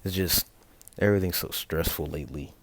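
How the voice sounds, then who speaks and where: A young man voicing a gruff, stressed middle-aged male hero with a curt, tired manner in a fan story. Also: low voice, brisk. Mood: weary.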